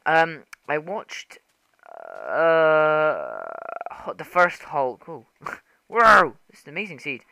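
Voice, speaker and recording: A young man giving casual, rambling gameplay commentary for his channel, excitable, swearing and laughing often. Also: on the high side, slow pace, no echo. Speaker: gaming channel host.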